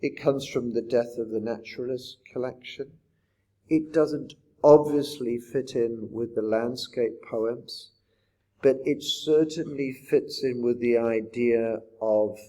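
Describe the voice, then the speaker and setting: A man's voice: medium pitch, fairly even intonation, slow pace, mellow. A man teaching a poetry lesson in a reflective manner, often putting rhetorical questions to his listeners. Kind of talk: poetry lecture.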